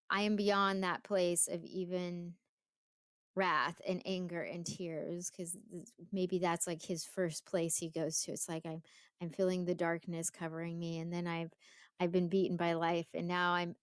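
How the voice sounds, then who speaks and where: A woman's voice: lowish voice, smooth, no room sound, clean studio sound. A woman teaching a poem in a casual, chatty way, with frequent fillers and small laughs. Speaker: English teacher. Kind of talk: casual poetry lesson.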